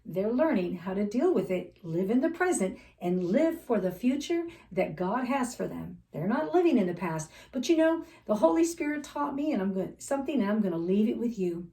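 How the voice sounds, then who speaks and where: A woman's voice: medium pitch, sing-song, moderate pace, hardly any pauses, mellow, far from the mic. A woman life coach sharing personal faith stories in an earnest, heartfelt storytelling manner, sometimes holding back tears. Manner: earnest storytelling, emotional at times. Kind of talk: faith-based personal talk. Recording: roomy sound, a bit off-mic.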